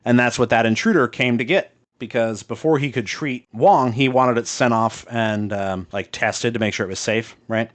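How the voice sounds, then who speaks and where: A man's voice: medium pitch, moderate pace, few pauses, dry recording. A male podcast co-host in casual chat, talking loosely with lots of fillers and swearing, laughing as he retells a story.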